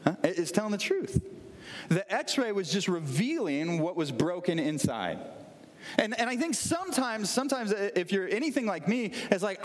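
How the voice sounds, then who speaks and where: A man with a fairly high voice delivers a sermon. He keeps it conversational and tells everyday stories. He often stops to put questions to the congregation, and his voice rings with the long reverb of a large hall. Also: big pitch swings, moderate pace. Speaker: pastor.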